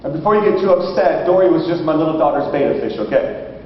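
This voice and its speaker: A man with a rather high voice preaches a sermon and tells stories animatedly, acting out the lines of the people in them. The recording is dull and muffled, picked up from a distance. A long reverb fills the large hall around him. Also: fast talker, slight background noise. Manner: animated storyteller who acts out family dialogue. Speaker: pastor. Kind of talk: sermon with storytelling.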